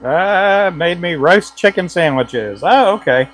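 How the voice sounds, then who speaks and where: A man's voice: high-pitched, expressive, takes it slowly, a bit bright, poor audio. A man who makes fishing lures chatting casually for his vlog, easygoing and rambling with frequent chuckles. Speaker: lure maker.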